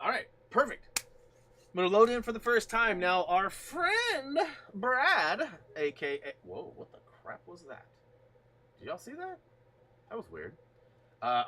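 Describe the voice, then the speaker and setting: A man casually chatting while hosting a gaming live stream, greeting viewers from the chat in an animated way. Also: high voice.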